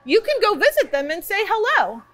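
A woman reading a picture book aloud for a library storytime, playful and expressive. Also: very high voice, brisk, faint music behind. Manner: playful, expressive, chatty asides.

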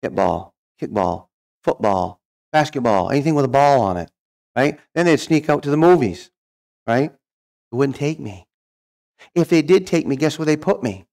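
Gravelly-voiced man telling a funny life story. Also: medium pitch, lively intonation, moderate pace, long pauses, darkish tone. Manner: humorous, folksy, acts out quoted voices. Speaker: guest speaker. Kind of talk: storytelling testimony.

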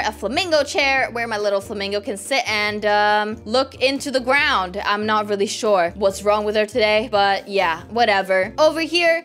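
A young woman narrates her gameplay in a bubbly, gushing way and talks straight to her viewers. Her voice sits a bit high for a woman. Faint music plays under her talk. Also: a bit bright. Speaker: gaming video host. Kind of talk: upbeat gameplay commentary.

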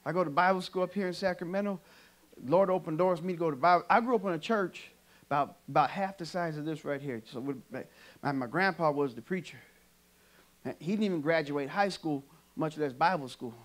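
A man from California performing an animated stand-up comedy set for a church audience. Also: on the high side, a little fast. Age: adult. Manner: animated storytelling punchlines. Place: church sanctuary, live audience.

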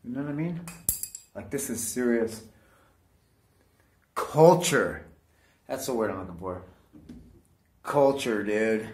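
Male vlogger, loose rambling talk to camera, heavy swearing, keeps saying "dude", mid-pitched voice. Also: animated, slow pace, pauses often, darkish tone, a little hiss or hum. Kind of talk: casual rambling monologue to camera.

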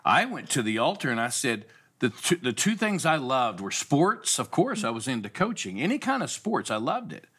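Animated pastor telling a lively story. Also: male voice, mid-range voice, normal speed, husky. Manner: animated storyteller, acts out quoted voices. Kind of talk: storytelling in a casual talk show.

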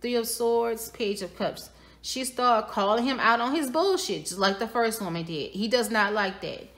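A woman's voice: a little high, moderate pace, a bit bright. Woman casually narrating a tarot reading. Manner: conversational, speculative, repeats phrases, addresses viewers as y'all. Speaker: tarot reader.

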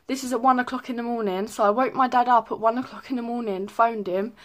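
A woman's voice: fairly high pitch, fast, few pauses, fairly bright tone. A young woman chatting casually in a pregnancy update vlog, rambling with many ums. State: a little out of breath. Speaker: vlogger.

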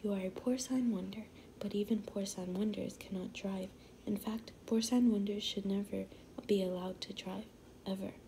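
A doting, fussy husband from a storybook, read out by a woman. The voice is mellow and a bit gravelly, spoken softly and close to a whisper. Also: mid-range voice, fairly even intonation, normal speed, a little hiss or hum, lightly acted. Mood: tender.

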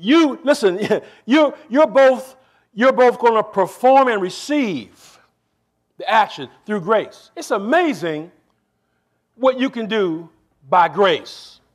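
A male pastor preaching a sermon to his congregation, stressing lines slowly and then rushing through asides, and often asking the room for a response. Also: sits high, expressive. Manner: shifts between slow stressed phrases and quick asides.

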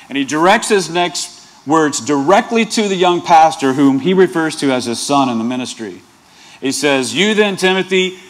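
Preaching man with a higher voice. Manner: earnest preaching with playful asides and rhetorical questions. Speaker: pastor. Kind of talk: sermon.

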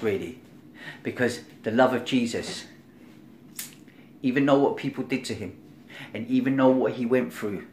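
A man giving an informal sermon in a conversational style. He checks in with "right?" often, acts out the voices in the story, and swings between loud, emphatic stretches and quiet, low lines. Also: a little hiss or hum. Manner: conversational, keeps asking "right?", acts out crowd and Pilate. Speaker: preacher.

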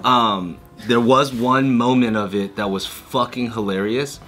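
Bright-voiced man telling a rambling story. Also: medium pitch, unhurried. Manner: rambling storyteller, laughs mid-sentence. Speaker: podcast co-host. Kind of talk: casual group banter.

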